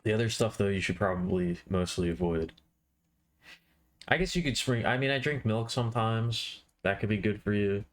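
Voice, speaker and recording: A man with a fairly low voice chats on a live art stream. His talk is loose and rambling, with playful asides to his viewers as he works. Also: normal speed. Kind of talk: casual live-stream chat.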